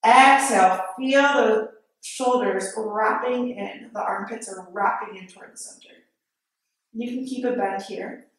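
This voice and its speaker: A woman yoga instructor leading a class with steady step-by-step breathing and movement cues in a yoga studio. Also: on the high side, unhurried. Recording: very echoey studio, mic far off.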